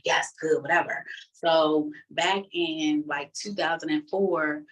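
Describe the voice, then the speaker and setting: A woman tells her personal testimony in a relaxed, conversational way. Her voice sits fairly low, and she animates the story by acting out the people in it. She sounds a little distant from the microphone. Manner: casual, conversational speech.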